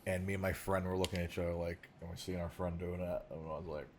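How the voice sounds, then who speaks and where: A man's voice: deep voice, little pitch movement, fast talker, background noise. A man co-hosting a podcast in a studio, chatting casually and rambling, with lots of restarts and asides. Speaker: podcast co-host. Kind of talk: casual chat. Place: podcast studio set in a recording studio.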